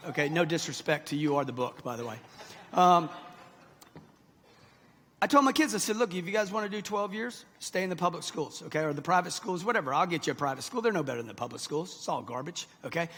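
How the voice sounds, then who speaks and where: A man's voice: a little high, fairly bright tone, a little hiss or hum. A man in his sixties giving a punchy motivational seminar talk to a live audience, pressing them with "okay?" and "right?". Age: 60s. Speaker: motivational speaker. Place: large event hall before a live audience. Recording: reverberant hall.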